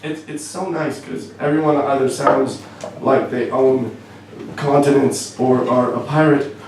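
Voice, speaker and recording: A man's voice: mid-range voice, fairly even intonation, unhurried, distant mic. A young Canadian man doing a stand-up comedy set in a club, wry and self-deprecating, stumbling over fillers as he goes. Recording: echoey club, voice from afar, faint room noise.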